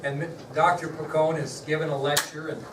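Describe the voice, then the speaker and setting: A man's voice: fairly high pitch, level tone, normal speed. A middle-aged man teaching a class, chatting directly with his students as he recounts a story. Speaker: history teacher. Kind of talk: classroom lecture with a personal story. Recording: echoey classroom from far off, noisy.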